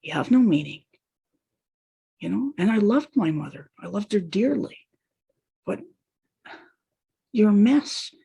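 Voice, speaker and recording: A woman's voice: mid-range voice, very animated, a little slow, vocal fry, pauses often, dark tone, husky. A woman telling her own painful story in a raw, repetitive monologue, piling on lists of hurts. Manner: raw, pained and repetitive, with long trailing lists. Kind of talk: personal testimony monologue.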